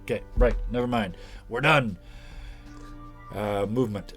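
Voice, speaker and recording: A man's voice: lowish voice, measured pace, over loud music. A man narrating as game master, loose and joking, laughing often.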